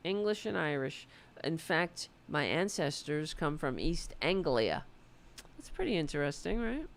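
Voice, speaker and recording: A woman from the United States hosting a political livestream, chatting loosely and swearing, her voice going hoarse. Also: sits low, very animated, measured pace. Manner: loose, profane, rambling. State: losing her voice. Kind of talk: casual livestream chat.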